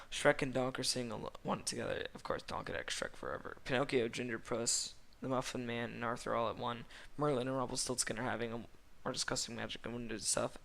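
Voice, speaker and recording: Gravelly man reading fanfic deadpan. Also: medium pitch. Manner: deadpan reading with stumbles and self-corrections. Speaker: fanfiction reader. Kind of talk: reading a comedic fanfiction aloud.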